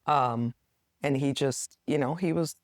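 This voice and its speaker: A middle-aged woman telling stories as a podcast guest, acting out quoted lines with lively rises in pitch. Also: a little slow, no room sound, clean studio sound. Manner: animated, acts out quotes with rising pitch. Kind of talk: casual storytelling interview.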